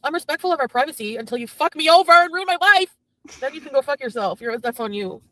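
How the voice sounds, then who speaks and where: A woman on a live stream, venting angrily and profanely about being cheated on, swinging between yelling and hushed, broken-down talk. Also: high-pitched, animated, quick pace, no room sound, low-quality recording. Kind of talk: emotional live-stream rant.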